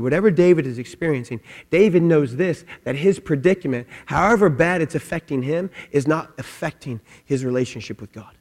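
A middle-aged man preaching in a church hall, his slightly high voice carrying a long reverb. He tells stories with energy and shouts out quoted lines, then eases down soft and low to drive the point home. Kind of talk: sermon with a comic story.

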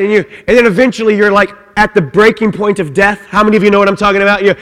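Middle-aged pastor guy preaching, high voice, keeps saying man, big echoey hall. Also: racing, a bit bright. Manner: emphatic, repetitive preaching with frequent "man" fillers. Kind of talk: sermon. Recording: long reverb of a large hall.

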